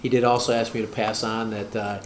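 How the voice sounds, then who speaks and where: A man's voice: on the low side, level tone, brisk. A man speaking as a school district administrator at a board work session, talking hesitantly with many fillers and restarts. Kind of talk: meeting discussion. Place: school board meeting room. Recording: echoey room, noisy, far mic.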